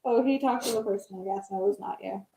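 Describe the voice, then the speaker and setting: A woman's voice: mid-range voice, quick pace, gravelly, mellow, breathy edge. A woman chiming in with short remarks and laughs beside the host.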